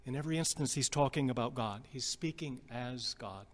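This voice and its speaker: A male pastor from the Upper Midwest, telling a story in a sermon in a gentle, halting way and repeating phrases. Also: mid-range voice. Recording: long reverb with guitar music behind.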